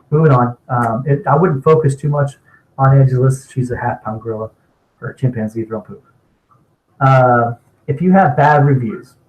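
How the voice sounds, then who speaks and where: A man's voice: medium pitch, darkish tone, poor audio. A man presenting a marketing webinar, talking casually and bluntly, with lots of fillers and restarts. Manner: rambling, chatty, blunt, many fillers and restarts. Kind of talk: casual spoken webinar teaching.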